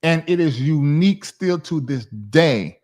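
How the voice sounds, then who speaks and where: A man's voice: on the high side, a little slow. Guy in his 40s hosting a livestream, chatty and all over the place, talks to viewers by name. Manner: rambling, animated, talks to chat viewers by name. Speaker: livestream host. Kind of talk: casual livestream chat.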